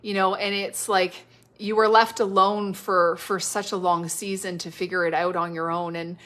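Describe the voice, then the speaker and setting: Her voice is lowish with little movement in pitch, heard through a live-stream device mic. She gives unplanned prophetic ministry, gentle and faltering, repeating herself and padding pauses with "like" and "you know."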